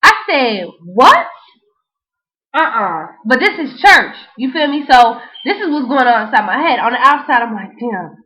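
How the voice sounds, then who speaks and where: A young woman, telling a casual, slangy, animated story in a vlog. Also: sits high, moderate pace. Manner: animated, slangy, frequent "you know what I'm saying". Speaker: vlogger. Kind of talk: casual storytelling and freestyle rap. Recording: dull lo-fi home recording.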